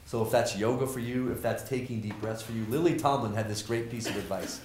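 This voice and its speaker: A middle-aged man giving an energetic, joking lecture to students, acting out the people in his stories. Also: medium pitch, fairly quick. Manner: animated, joking, acts out quoted people. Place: lecture hall with audience. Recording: roomy hall sound, faint noise.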